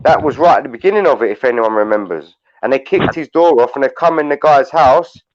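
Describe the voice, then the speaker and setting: A man's voice: mid-range voice, brisk, highs cut off, a little hiss or hum. A man with a London accent who hosts a livestream panel, telling stories in a blunt, sweary rant. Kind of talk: heated casual chat.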